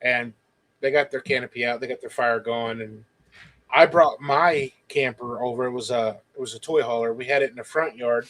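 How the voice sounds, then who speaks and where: 男性の語り手、生き生きと体験談を語る. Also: male voice, medium pitch, normal speed, rough recording. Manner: animated, quoting others in lively bursts. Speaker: guest. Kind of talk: casual storytelling.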